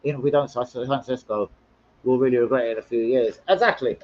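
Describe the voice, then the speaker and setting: A man's voice: medium pitch, steady tone, fairly quick, darkish tone, highs cut off. A man hosting a casual football live stream, rambling, swearing freely and bantering with viewers as he reads comments.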